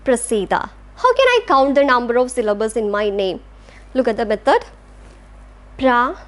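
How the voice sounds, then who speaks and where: High-voiced woman teaching English. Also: big pitch swings, brisk. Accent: Indian English. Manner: patient, demonstrates words syllable by syllable. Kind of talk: classroom lecture.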